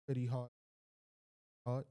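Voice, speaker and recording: A male livestream host chats casually with viewers over a desk microphone, running mic checks and talking straight to the chat in a loose, slangy, profane manner. His medium-pitched voice is mellow, clear and resonant, delivered completely flat and slowly. There is no room sound.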